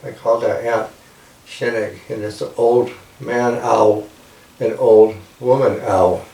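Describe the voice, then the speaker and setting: A man telling a folk tale in a casual, halting way, with many fillers, recorded with a roomy sound from a distance. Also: medium pitch, fairly even intonation, vocal fry, dark tone. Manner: halting, lots of "you know" and "like that". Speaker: storyteller. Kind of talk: casual oral storytelling.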